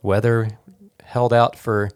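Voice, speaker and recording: A church staff member chatting earnestly and easily on a podcast recorded in an office studio. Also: male voice, fairly low pitch, level tone, takes it slowly, smooth, no room sound. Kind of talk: casual church podcast chat.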